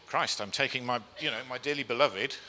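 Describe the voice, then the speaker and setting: A medium-pitched man speaks a little fast in a bright, forceful tone during a chatty slide presentation. Before a live event-hall audience, he's self-deprecating, often says um, and asks the crowd questions. The recording has a hall's long reverb.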